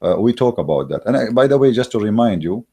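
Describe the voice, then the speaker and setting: Low, mellow-toned man for a combative polemic talk; scornful, mocking delivery, lots of "uh" and restarts. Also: animated, quick pace, husky. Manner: scornful, mocking, emphatic with many fillers. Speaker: online religious debater. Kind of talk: heated polemical monologue. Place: recorded while in Germany.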